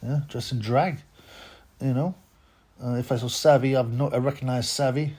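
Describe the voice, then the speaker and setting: A man's voice: mid-range voice, steady tone, normal speed, darkish tone, slightly rough. A man hosting a boxing channel, talking in a rambling, mocking rant with lots of stammered restarts. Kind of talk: casual rant to camera.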